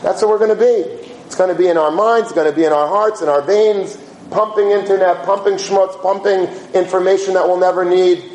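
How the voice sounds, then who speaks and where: High-voiced man preaching in an echoey hall. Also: fairly quick. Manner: animated, rhetorical questions, Yiddish and Hebrew terms. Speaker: yeshiva teacher giving a talk. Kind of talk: sermon-style storytelling talk. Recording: roomy echo, faint background hum.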